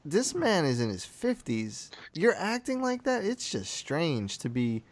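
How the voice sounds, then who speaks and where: A man's voice: a little high, huge pitch swings, a little slow. A man co-hosting a casual podcast, laid-back and reactive. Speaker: podcast co-host. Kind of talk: casual late-night podcast chat.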